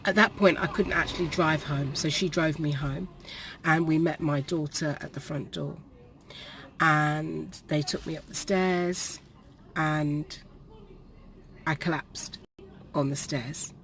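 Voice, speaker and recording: A woman, telling a personal story to the camera in a halting way, with pauses and restarts, while perspiring. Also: deep voice, steady tone, fairly bright tone, slight background noise. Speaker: vlogger. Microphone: camera facing her.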